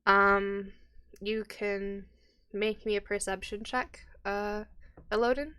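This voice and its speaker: A woman narrating as game master of a tabletop game, relaxed, with many fillers and frequent laughs. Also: mid-range voice, slow pace, clear, resonant tone.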